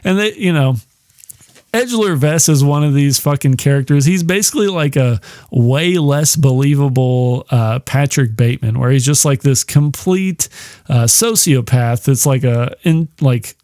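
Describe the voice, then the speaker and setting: A man with a mellow, darker voice talks through a film comparison in a loose, rambling way. He swears freely, chuckles often and leans on fillers. The sound is dry, with little room in it. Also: medium pitch, normal speed, no room sound. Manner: profane, laid-back, chuckling, with lots of fillers. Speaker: podcast host.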